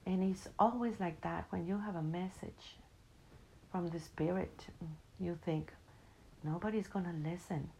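A woman storyteller tells a spiritual story in a reflective, unhurried way. Her English is not her first language. The voice sits low and has a gravelly texture, and she speaks very slowly. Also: steady tone, a little mellow, slight background noise, poor audio. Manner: unhurried, reflective, non-native English grammar.

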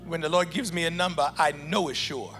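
A man preaching in a church, leading a loud, chanting prayer with call-and-response before an offering appeal. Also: fairly high pitch, fairly quick, big-room sound. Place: church sanctuary with congregation. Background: church music playing.

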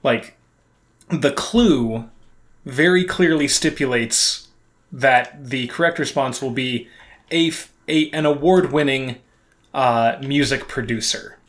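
A man's voice: mid-range voice, slow, fairly bright tone. Wry man co-hosting a podcast. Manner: wry, dry sarcasm with many restarts. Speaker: podcast co-host. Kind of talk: casual podcast chat.

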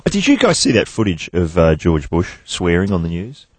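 A man's voice: sits low, wildly swooping pitch, normal speed. A man hosting a comedy radio show, joking, telling anecdotes and laughing often. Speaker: radio host.

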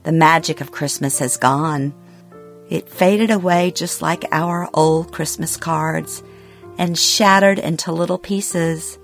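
Low-voiced woman reading her memoir. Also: slow pace, gravelly, soft background music. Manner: quiet and reflective, somber. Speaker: memoir narrator. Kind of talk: reading a personal memoir aloud.

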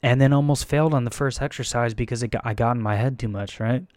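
A young man telling a casual, profane story about taking a firefighter test, rambling and animated with frequent restarts. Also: mid-range voice, fast, dry recording, clean studio sound. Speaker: firefighter candidate.

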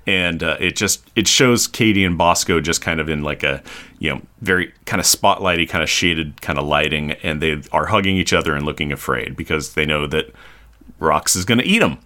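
A man co-hosting a podcast, chatting casually about a comic in a rambling, animated way with lots of fillers. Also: a bass voice, a little fast. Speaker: podcast co-host. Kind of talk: casual chat reviewing a comic.

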